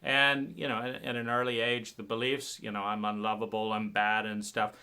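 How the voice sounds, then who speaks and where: A man talking about his own painful past in an emotional, halting monologue, often repeating words and swearing when upset. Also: lowish voice, monotone, sharp tone, smooth. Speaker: speaker sharing personal story.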